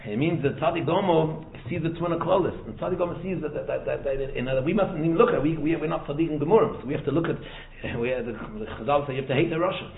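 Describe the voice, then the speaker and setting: A man delivers an informal Torah lesson at a brisk clip, stumbling over repeated words and weaving in Hebrew and Yiddish terms. His voice comes through a thin, phone-like channel in an echoey room with a faint hiss underneath. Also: mid-range voice. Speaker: rabbi teaching a Torah talk.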